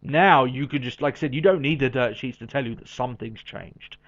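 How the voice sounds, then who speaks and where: A man co-hosting a podcast in casual chat, animated and quick with asides and frequent laughs. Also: mid-range voice. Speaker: podcast co-host. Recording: dull lo-fi audio.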